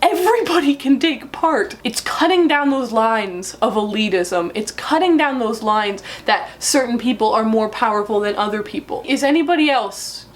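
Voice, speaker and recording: A young woman book vlogger talking casually to camera in an excitable, chatty way, in a room full of books. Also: on the high side, moderate pace, hardly any pauses.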